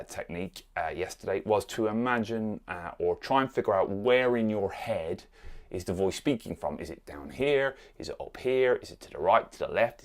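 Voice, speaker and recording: A man recording an unscripted vlog on a phone, rambling with many fillers and restarts, sometimes dropping to a near whisper. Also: low voice. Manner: drops to a near whisper at times. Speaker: vlogger.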